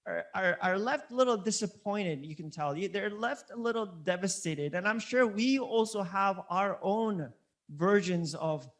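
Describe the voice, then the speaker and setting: High-voiced earnest male pastor. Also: a bit bright. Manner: earnest, repeats key words for emphasis; conversational preaching with many restarts. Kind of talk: sermon.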